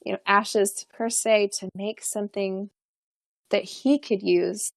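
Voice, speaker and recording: A woman's voice: mid-range voice, steady tone, takes it slowly, gravelly, dry recording. A young adult woman, a podcast guest, telling a personal story in a chatty way, full of fillers and restarts and frequent laughs.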